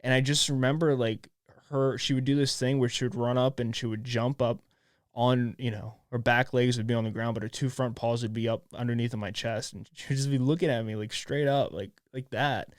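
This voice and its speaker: A young man in his twenties hosting a solo podcast, talking in a halting, emotional way with many restarts and swearing, choked up and near tears. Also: medium pitch, steady tone, no room sound, clean studio sound. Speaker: podcast host. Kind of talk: casual solo podcast monologue.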